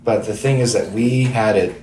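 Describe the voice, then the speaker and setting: A man hosting a podcast, giving emphatic, animated opinions in casual chat, recorded in a living room at night. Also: fairly low pitch, normal speed. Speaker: band member and podcast host. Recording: roomy with faint background noise.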